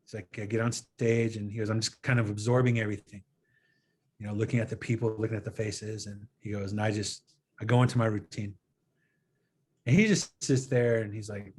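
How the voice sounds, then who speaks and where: A man's voice: fairly low pitch, steady tone, brisk, breathy edge. A man telling a personal story in a casual interview, acting out a friend's lines with quoted dialogue in an earnest way. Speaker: guest filmmaker.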